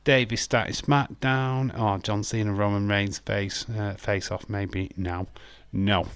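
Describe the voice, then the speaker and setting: A young Yorkshire man hosting a live wrestling watch-along, chatting loosely and swearing without a second thought. His voice sits a little low and comes through a close mic with a dry, dead sound. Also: steady tone, moderate pace, few pauses, a bit bright, clear, resonant tone, no room sound. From West Yorkshire, England. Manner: chatty, swears freely, laughs often, addresses chat by name.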